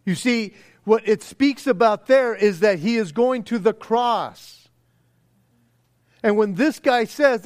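A man's voice: sits high, measured pace. A man preaching a conversational sermon, earnest and casual, with stammering restarts, and often acting out the voices he quotes. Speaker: pastor.

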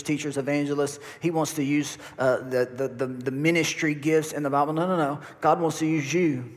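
A man, preaching a folksy sermon to his congregation and repeating words as he goes. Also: a little high. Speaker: pastor. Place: church hall. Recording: long reverb of a church hall.

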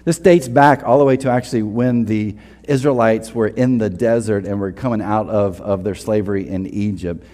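A pastor gives a conversational sermon in a casual, earnest manner, often restarting sentences and acting out quotes. His fairly low voice is steady and dark, at a moderate pace, with a long reverb tail.

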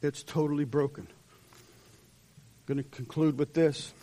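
A man's voice: a little high, steady tone, takes it slowly, dark tone. A male pastor preaching an impassioned sermon in a church, voicing dramatic quotes as he leads into an altar call. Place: church sanctuary.

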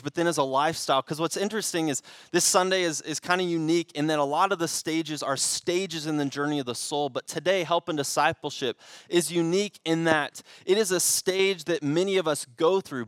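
A man's voice: fairly high pitch, fairly bright tone, dry recording. Casual young male preacher, dry close sound. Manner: conversational with frequent restarts and fillers. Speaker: pastor. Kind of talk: sermon.

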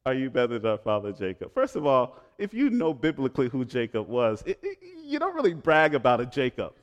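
Animated man preaching a sermon. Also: medium pitch, brisk. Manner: animated preaching, swinging from loud to hushed. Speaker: pastor.

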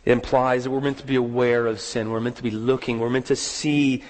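A man preaching a sermon, telling a story with rising dramatic emphasis and slowing down on key words. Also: mid-range voice, little pitch movement, a little mellow, big-room sound. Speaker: pastor.

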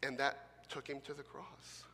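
A man preaching a sermon as pastor, animated, moving between loud emphatic stretches and quiet gentle ones. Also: medium pitch, unhurried, gravelly, breathy edge. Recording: long hall reverb.

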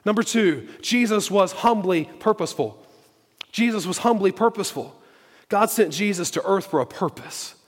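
A man's voice: high-pitched, animated, moderate pace, long reverb tail. A man preaching a sermon, emphatic, repeating key phrases for stress. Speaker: pastor.

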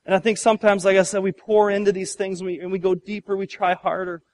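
A man preaching a sermon, telling a Bible story with humor and lively asides. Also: sits high, fast talker. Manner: lively storytelling, acts out biblical voices with humor. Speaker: pastor.

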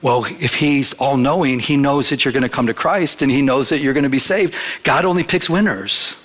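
A man's voice: medium pitch, moderate pace, a bit bright. A male pastor preaching a sermon in church, in a conversational storytelling manner that slips into acted quotes.

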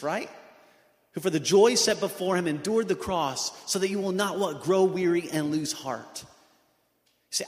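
A man with a slightly high voice preaches an earnest sermon, asking his congregation question after question. His voice rings around a large church hall with a long, roomy echo. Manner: earnest, many rhetorical questions. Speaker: pastor. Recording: echoey hall with long reverb.

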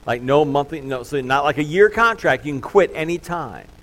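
A man's voice: a little high, moderate pace, fairly bright tone, low-quality recording. A middle-aged man preaching a sermon in a loose, conversational way, full of fillers and self-deprecating asides. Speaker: pastor.

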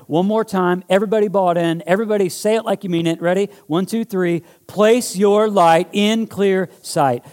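A male pastor in full sermon mode, fervent and emphatic. He stacks up repeated lines to drive home each point and leads the room in call-and-response. His voice sits somewhat high for a man. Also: darkish tone. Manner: emphatic, building to fervent repetition.

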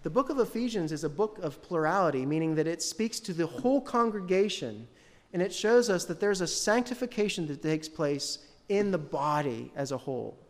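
Male pastor, high voice, conversational sermon delivery, long church reverb. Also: animated, normal speed. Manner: conversational, asks the congregation questions.

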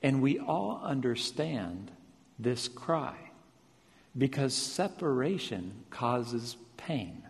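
A man preaching a sermon, repeating phrases with rising emphasis and then dropping to a quiet, slow delivery. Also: mid-range voice, sing-song, creaky. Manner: builds to loud emphatic repetitions, then drops soft and slow. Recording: long reverb of a large hall.

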